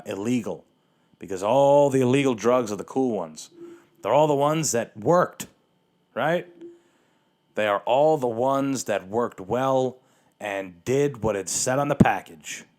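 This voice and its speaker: A man's voice: medium pitch, a little slow, a little mellow. A man hosting a solo podcast, ranting sarcastically with frequent swearing, restarts and fillers, hiccuping now and then. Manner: rambling, sarcastic, profane, with many restarts and fillers. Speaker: podcast host.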